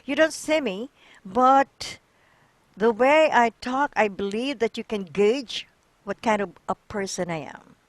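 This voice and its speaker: A woman's voice: a little high, unhurried, dry recording. A woman teaching English and coaching a learner through a reading, patient, often checking in with "okay?" and "right?".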